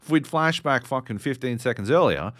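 A man's voice: mid-range voice, expressive, brisk, fairly bright tone, no echo, clean studio sound. A man co-hosting a podcast, ranting sardonically and swearing constantly in casual chat. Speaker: podcast co-host.

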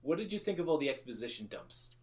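Male podcast co-host, mid-pitched, loose and animated, swears, acts out quotes. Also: fast. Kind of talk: casual movie discussion.

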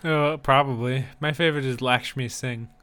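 A man's voice: mid-range voice, steady tone, moderate pace, bright, forceful tone, smooth. A man co-hosting a podcast in casual chat, with dry, wry humor. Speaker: podcast co-host.

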